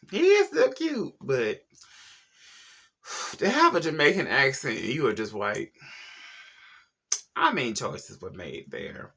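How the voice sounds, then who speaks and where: Man, celebrity gossip vlog host, sassy and slangy, very lively pitch, bright tone. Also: slow pace, gravelly, pauses often, husky. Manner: sassy, slangy, talks straight to viewers. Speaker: YouTube pop culture host. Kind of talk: casual celebrity gossip commentary.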